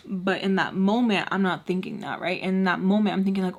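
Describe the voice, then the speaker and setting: A young woman chatting through a storytime vlog while doing her makeup, acting out the people in her story with sudden high-pitched bursts. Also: brisk, few pauses. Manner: chatty, animated, acts out quoted people with big pitch jumps. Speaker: storytime vlogger.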